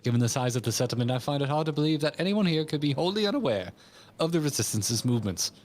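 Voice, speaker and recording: A man's voice: fairly high pitch, animated, fast, a little mellow, natural voice. A man reading as a formal young scholar. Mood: earnest.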